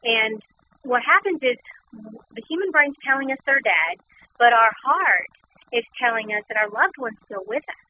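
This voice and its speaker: Animated woman guest, noisy recording. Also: fairly high pitch, normal speed. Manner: animated, repeats words while recounting. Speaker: guest, author. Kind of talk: conversational storytelling. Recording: noisy background.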